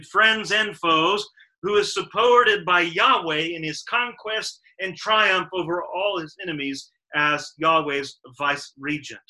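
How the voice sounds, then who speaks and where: In a high-pitched, pushed, bright voice, a man leads a Sabbath Bible study as its teacher. He goes through verses with care and lands on each verb in a series with emphasis. The recording is rough.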